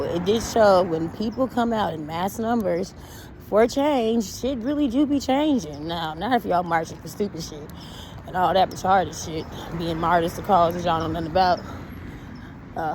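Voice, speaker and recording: A woman chatting casually on a walk outdoors, reacting to an interview with animated, blunt talk, laughter and swearing. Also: medium pitch, slight background noise, low-quality recording. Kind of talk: casual chat.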